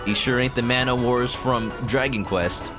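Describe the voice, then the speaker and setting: A man's voice: mid-range voice, moderate pace, music in the background. A man streaming a game playthrough, joking and riffing on what is happening on screen. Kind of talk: casual playthrough commentary.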